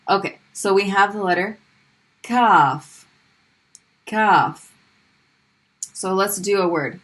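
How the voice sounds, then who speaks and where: A woman's voice: mid-range voice, flat delivery, fairly bright tone. Woman teaching Arabic sounds patiently. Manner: patient, repeats sounds slowly and clearly for drilling. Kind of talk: classroom lesson explaining pronunciation.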